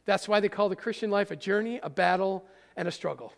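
High-voiced gravelly male pastor preaching. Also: a little fast. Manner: animated, asks the audience questions. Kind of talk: sermon. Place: church sanctuary. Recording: church hall with long reverb.

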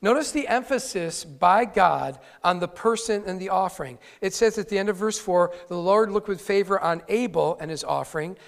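A man's voice: high voice, animated, normal speed, gravelly, hardly any pauses. A male pastor preaching a conversational sermon with wry asides to his congregation. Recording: long hall reverb.

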